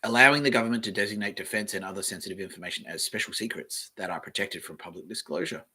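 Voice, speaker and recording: A man's voice: on the low side, quick pace, bright, forceful tone, slightly rough. An Australian man hosting a solo podcast, reading aloud in a meandering, offhand way and swearing casually. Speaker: podcast host.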